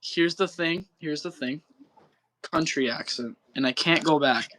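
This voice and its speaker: A young Midwestern man from Wisconsin co-hosts a livestream, chatting loosely with lots of slang, frequent swearing, and constant use of bro. His voice is slightly high, bright, and forceful at a slightly slow pace, with a little hiss or hum in the audio.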